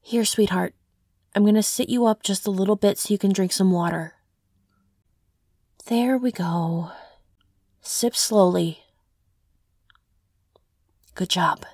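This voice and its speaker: A young woman voicing a caring girlfriend in an audio role-play, talking softly and reassuringly to her partner. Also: medium pitch, slow, long pauses, no room sound, studio quality. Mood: soothing. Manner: soft, reassuring, tender.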